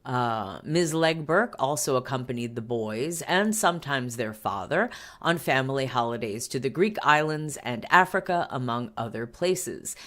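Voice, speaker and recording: A woman's voice: rumbling low, animated, moderate pace, fairly bright tone. A woman hosting a commentary show, reading a news article aloud and breaking off for wry asides. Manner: wry asides and frequent self-interruptions.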